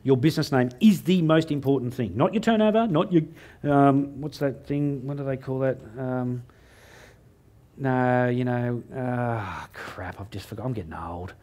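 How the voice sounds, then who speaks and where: A man's voice: medium pitch, a little slow, darkish tone. A middle-aged Australian man giving a humorous talk on stage, telling a story and acting out the dialogue in a self-mocking way. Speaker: motivational speaker.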